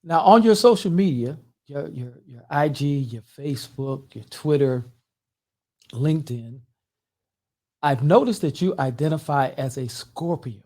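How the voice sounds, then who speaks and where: A man, a pastor, hosting an interview and asking measured questions, often repeating his words. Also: a little high, expressive, warm tone. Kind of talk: interviewing a guest.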